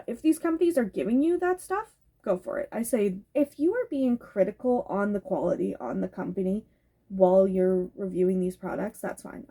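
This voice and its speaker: A woman's voice: mid-range voice, warm tone. A woman talking candidly in a casual tag video at home, swearing freely and getting heated at times. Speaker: goth YouTuber. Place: home bedroom with a cat nearby.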